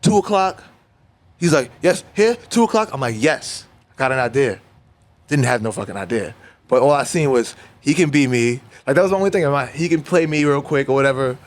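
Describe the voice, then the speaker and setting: Animated New man telling stories. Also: mid-range voice, a little fast. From New York. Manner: animated storyteller who acts out dialogue. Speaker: rapper guest. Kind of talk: casual interview storytelling.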